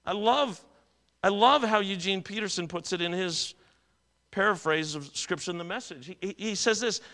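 Bright, high-voiced pastor preaching. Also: male voice, normal speed. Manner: conversational, tells personal stories, restarts and repeats words. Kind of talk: sermon.

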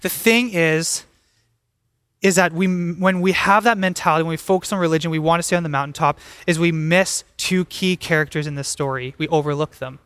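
A young adult man preaching a sermon as pastor, animated and acting out the voices of the people he talks about. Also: on the high side, fairly quick, clean tone, no echo.

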